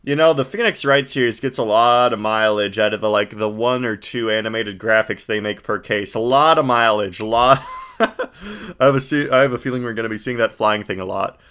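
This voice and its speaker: A man's voice: lowish voice, moderate pace, a bit bright, clear, resonant tone. A man giving wry, joking commentary while streaming a video game. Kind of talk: let's play commentary.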